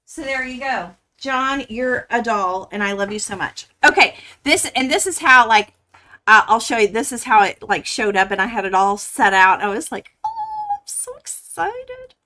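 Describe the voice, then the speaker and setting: A woman hosting a quilting livestream from her home studio, gushing and chatting excitedly with viewers as she unboxes fabric. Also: mid-range voice, moderate pace. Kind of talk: casual live stream chat.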